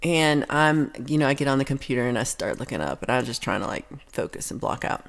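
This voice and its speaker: A woman's voice: rumbling low, lively intonation, quick pace, gravelly. A woman hosting a livestream, telling a long story in a casual, rambling way with many restarts. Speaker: livestream host.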